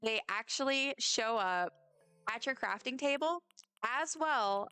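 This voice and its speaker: A woman's voice: on the high side, expressive, slow, sharp tone, smooth, no echo, soft background music. A woman streamer chatting casually while playing a game, giggling and talking to the characters on screen. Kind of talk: casual gameplay chat.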